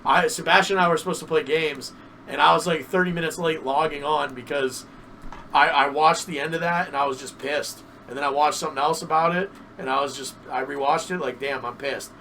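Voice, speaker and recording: A man's voice: fairly high pitch, steady tone, brisk, pushed and bright, distant mic, a little hiss or hum, low-quality recording. A man co-hosting a podcast, chatting casually and animatedly, swearing and repeating himself. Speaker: podcast co-host. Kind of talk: casual wrestling chat.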